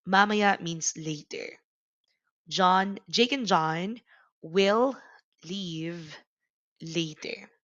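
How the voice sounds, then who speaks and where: A woman's voice: on the low side, extremely slow, pauses often, a bit bright, no room sound, lo-fi sound. A woman teaching a grammar lesson, patiently explaining step by step with examples. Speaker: language teacher.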